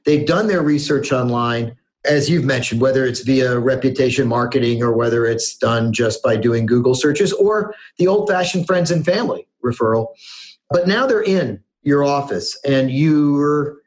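A man hosting an interview, asking friendly, probing questions in a conversational way. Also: medium pitch. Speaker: host.

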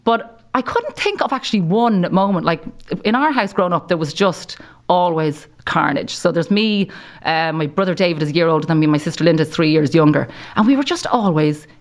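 Animated Irish woman telling stories. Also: fairly low pitch, brisk. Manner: animated storyteller, laughs often. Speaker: guest, broadcaster. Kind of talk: casual interview chat.

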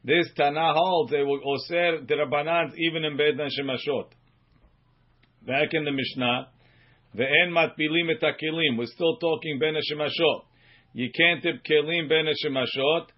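A rabbi giving a Talmud study lesson, his voice a touch high for a man. He reads each Aramaic phrase slowly and then explains it in brisk English. The recording sounds muffled and lo-fi. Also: fairly even intonation. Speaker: rabbi teaching a Talmud class.

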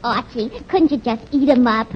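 A woman's voice: fairly high pitch, normal speed, lightly acted. A woman playing a gushing, starstruck young woman in a 1940s radio comedy, swooning with admiration. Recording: dull, hissy 1940s radio broadcast.

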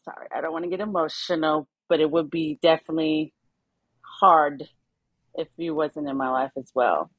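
A woman co-hosting a podcast who speaks in a soft-spoken, heartfelt way about herself. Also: sits low, fairly even intonation, normal speed, no echo, low-quality recording. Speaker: podcast co-host. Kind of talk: casual podcast chat.

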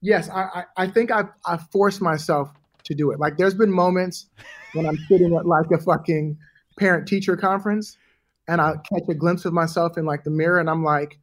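A middle-aged man telling a story in a casual interview, animated and profane, acting out the people in it. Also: a little high, moderate pace. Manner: animated, profane, acts out voices in anecdotes. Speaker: guest.

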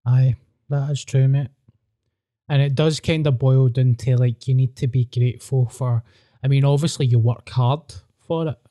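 A man's voice: mid-range voice, steady tone, moderate pace, warm tone. A Glaswegian man, a stand-up comedian hosting a podcast, chatting casually, bluntly and with self-mocking swearing. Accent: Glaswegian Scottish.

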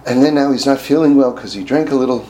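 A man teaching through a story, speaking haltingly with many restarts and fillers. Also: mid-range voice, dark tone, a little hiss or hum, low-quality recording. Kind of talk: storytelling lesson.

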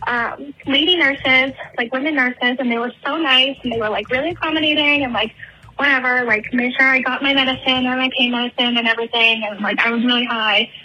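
Brief: bright, high, slightly husky woman caller from San Francisco; profane, rambling and animated; muffled phone-line voicemail. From San Francisco, USA. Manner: animated, swears constantly, rambling asides. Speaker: caller leaving a voice message. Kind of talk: casual profane storytelling.

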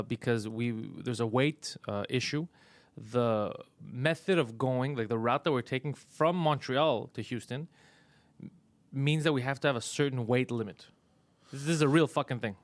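On his comedy podcast, this man recounts a maddening story, swearing and sounding exasperated while laughing frequently. His pitch is medium and the recording is dry. The talk is loose, chatty storytelling.

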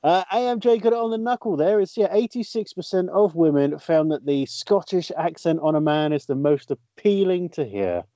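A male presenter with a raised, very lively voice that swings up and down as he teases his co-hosts. His tone is dark and mellow, and the sound is dry and slightly muffled. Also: on the high side, normal speed, hardly any pauses, dry recording. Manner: quizzing co-hosts, playful. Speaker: radio presenter. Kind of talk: radio chat.

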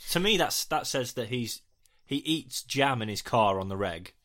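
A man's voice: mid-range voice, expressive, moderate pace, fairly bright tone. A man co-hosting a podcast, in a joking, rambling, self-mocking casual chat. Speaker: podcast co-host.

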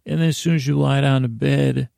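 Male podcast host, gravelly and dark, drifting bedtime ramble. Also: medium pitch, steady tone, brisk, no room sound, studio quality. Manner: meandering, drowsy, full of restarts and fillers.

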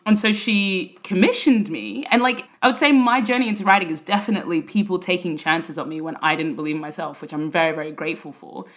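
A young woman from Sudan telling her life story in a casual, lively way, full of "like" fillers. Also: on the low side, fast, few pauses. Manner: lively, full of "like" fillers, acts out quoted voices.

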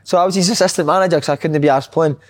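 A man's voice: on the high side, steady tone. A man with a Scottish accent who hosts a casual football chat, joking and moving between topics. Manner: quick, joking, steers the topics.

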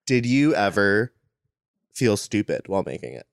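A man's voice: lowish voice, big pitch swings, normal speed, vocal fry, no echo, studio quality. A man hosting a podcast interview, asking earnest, thoughtful questions that stop and restart. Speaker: podcast host.

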